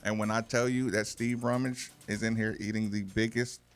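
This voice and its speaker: A man hosting a sports radio show from a studio, chatting excitably and talking straight to listeners. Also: lowish voice, moderate pace, clear, resonant tone, faint music behind. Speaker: radio host. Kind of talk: casual sports radio banter.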